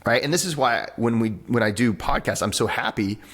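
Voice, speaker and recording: In a conversational podcast interview held over a video call, a male breathwork teacher and author talks fairly quickly at a medium pitch. He's animated as he explains, performs little voices, and keeps restarting sentences.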